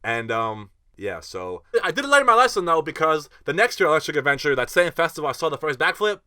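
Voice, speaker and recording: Young man, casual storytelling, animated, slangy, rapid, dry close sound. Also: on the high side, dry recording. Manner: animated, slangy, profane, lots of "like" fillers. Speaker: festival vlogger telling a story.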